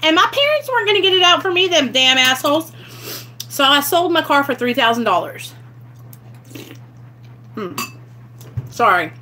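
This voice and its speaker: Blunt, bright-voiced young woman vlogger. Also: high voice, very animated, normal speed, pauses often. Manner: blunt, candid, swears freely. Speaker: vlogger sharing her recovery story. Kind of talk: casual storytelling to camera.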